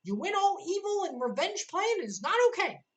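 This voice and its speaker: A woman voicing a male cartoon mouse king in a put-on stern, scolding voice, pitched well above her own. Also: big pitch swings, moderate pace, a bit bright, a little hiss or hum, full character voice.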